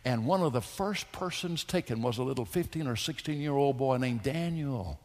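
A man preaching a sermon to his congregation, swinging between loud, fervent pleas and hushed, quiet lines. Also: medium pitch, animated, normal speed, big-room sound. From United States. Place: church sanctuary.

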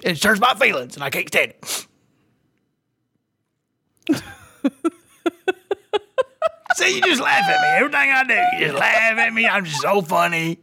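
A man's voice: high voice, sing-song, slow, vocal fry, long pauses, pushed and bright, husky, exaggerated voice. A man playing a dim, touchy hillbilly, who rambles in a drawling, self-pitying way in a radio comedy bit. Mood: offended. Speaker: recurring character.

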